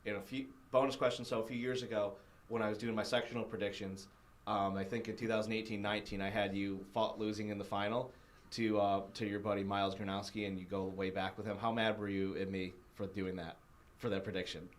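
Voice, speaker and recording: Low voiced guy hosting a wrestling chat show, chatty, laughs a lot, lots of ums. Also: flat delivery, a little fast. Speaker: host. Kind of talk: casual sports interview.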